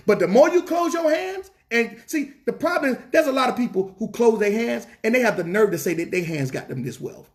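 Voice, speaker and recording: Southern preacher guy, really high pitched voice, fired up, keeps repeating himself. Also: lively intonation, fairly quick, vocal fry, few pauses. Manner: fervent, repetitive preaching with rhetorical questions. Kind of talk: sermon. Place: church.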